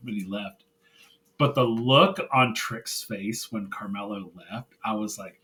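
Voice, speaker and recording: A man co-hosting a wrestling review podcast, chatting casually and retelling scenes in animated, excited bursts. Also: mid-range voice, a little slow, low-quality recording. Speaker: podcast co-host.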